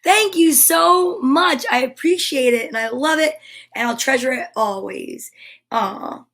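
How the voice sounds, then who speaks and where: A woman with a fairly high voice chats casually to her viewers. She gushes with affection and takes her time. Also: a bit bright, rough recording. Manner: gushing and affectionate, unhurried. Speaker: comedian and vlog host.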